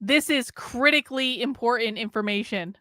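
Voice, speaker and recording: A woman's voice: a little high, moderate pace, no room sound, clean studio sound. A woman hosting a livestream, giving casual, profane, sarcastic commentary a few beers in. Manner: profane, animated, sarcastic, mocking. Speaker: political commentary livestream host.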